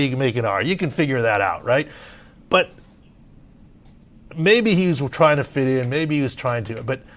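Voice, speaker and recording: With a mid-range voice, a middle-aged man from Southern California gives casual sports medicine analysis on a podcast, animated and heavy on filler words.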